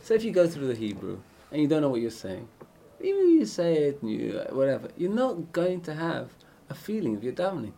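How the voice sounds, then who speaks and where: A man giving an informal Torah class on prayer, often asking his listeners questions and swinging between loud and hushed speech. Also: fairly high pitch, fairly quick, gravelly, slight background noise. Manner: animated, swings from loud chanting to hushed near-whispers. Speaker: Torah teacher.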